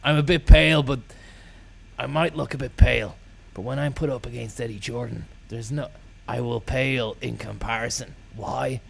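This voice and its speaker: A man, telling rambling deadpan comic stories full of swearing and trailing mumbles. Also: mid-range voice, creaky. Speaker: comedian.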